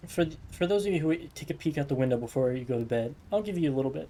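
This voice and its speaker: A man running a tabletop game as game master, describing scenes slowly and in detail. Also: a little high, lively intonation, warm tone. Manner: slow, descriptive scene-setting.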